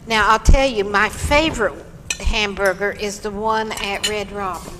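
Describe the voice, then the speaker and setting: A middle-aged woman chats over dinner, walking through her recipes one step at a time in a homey, easygoing way. Her voice sits in a reverberant room with steady background noise. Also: medium pitch, unhurried. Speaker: cooking show co-host. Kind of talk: casual chat over a dinner table.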